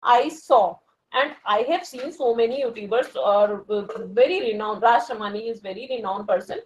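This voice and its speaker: A fairly high-pitched woman speaks at normal speed on a rough recording. She is an Indian working professional with an Indian English accent, discussing learning English casually and hesitantly, with frequent fillers and restarts.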